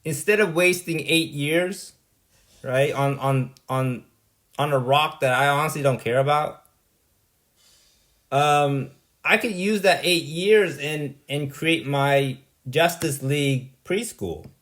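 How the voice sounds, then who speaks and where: A man's voice: on the high side, takes it slowly, fairly bright tone. A man delivering a rambling, blunt monologue, dismissive and exasperated, often tagging "right?" onto his points. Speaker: vlogger.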